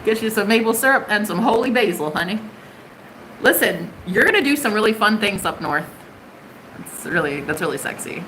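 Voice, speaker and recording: Bright-voiced, chatty American tarot reader. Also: female voice, medium pitch, lively intonation, normal speed, slight background noise, low-quality recording. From United States. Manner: bubbly, profane and chatty. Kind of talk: live-stream tarot reading and chat.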